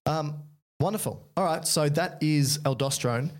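A man's voice: fairly high pitch, moderate pace. A man co-hosting an educational podcast, playful and jokey, explaining body processes step by step in casual chat. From Australia. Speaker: podcast co-host.

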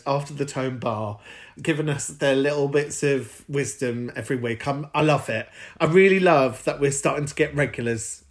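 A man hosting a podcast, chatty and camp with frequent giggles. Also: medium pitch. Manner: camp, giggly, warm-hearted asides. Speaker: podcast host.

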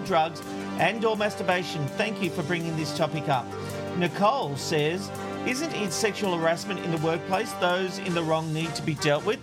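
A man hosting a talk show, breezily reading listener messages aloud and laughing often. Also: fairly high pitch. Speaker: radio talk show host.

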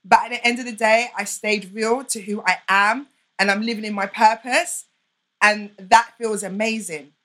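A woman's voice: mid-range voice, fairly even intonation, moderate pace, fairly bright tone. A young woman who is a podcast guest, talking openly and emphatically in a candid interview. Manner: open, heartfelt, emphatic.

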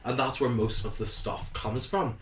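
A man with a Northern Irish accent, co-hosting a casual podcast chat with quick, opinionated, mock-indignant rants. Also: medium pitch, fairly even intonation. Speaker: podcast co-host. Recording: roomy with background noise.

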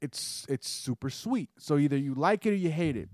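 Casting: young male podcast co-host, quick with jokes, voice a bit high, dry close sound. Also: expressive, a little mellow, no echo. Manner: joking, chimes in with quips. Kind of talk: casual chat.

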